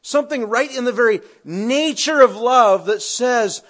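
A pastor preaching a sermon, expressive, shifting from raised emphasis to quiet conversational asides. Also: male voice, extremely high pitch, a little slow, hardly any pauses.

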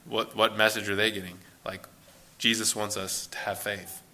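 A man's voice: on the low side, little pitch movement, normal speed, bright, forceful tone. A man teaching a Bible study in a loose, conversational way, thinking aloud as he reads and explains passages.

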